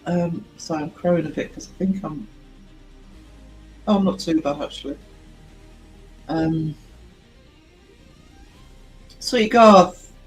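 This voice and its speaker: A man's voice: fairly high pitch, takes it slowly, pauses often, faint music behind, low-quality recording. A man hosting a livestream, chatting casually with viewers and laughing often. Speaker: livestream host. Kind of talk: casual livestream chat reading comments.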